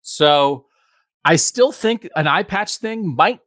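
A man's voice: on the high side, lively intonation, slow pace, a bit bright, no echo, clean studio sound. A man in his fifties, a podcast host giving a casual, rambling, self-deprecating update from home. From United States. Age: 50s.

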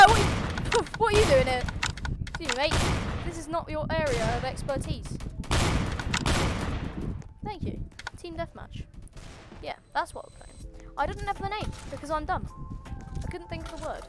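A woman hosting a gaming channel, giving excitable, playfully cocky commentary while she plays. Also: high voice, unhurried, pauses often. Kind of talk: live gameplay commentary. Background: loud game music and gunfire.

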